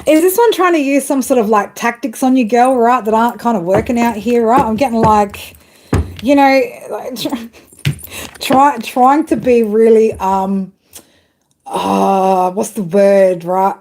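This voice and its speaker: A woman's voice: a little high, measured pace, a little mellow, a little hiss or hum. A woman doing a casual live tarot reading, chatty and full of swearing, calling her viewers girl and babe. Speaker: tarot reader.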